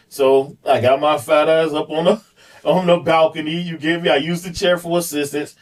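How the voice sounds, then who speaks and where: A man's voice: fairly high pitch, normal speed, far from the mic, poor audio. Candid man telling his story off-mic. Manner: candid, rambling, frequent fillers and repeats. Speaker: podcast guest, police officer. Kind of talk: casual personal storytelling.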